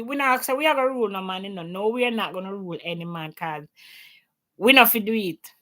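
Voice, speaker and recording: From her home in Canada, a Jamaican livestream host runs a casual opinion chat in a fairly high, fairly bright voice. Patois slips into her English, and she stresses her points plenty.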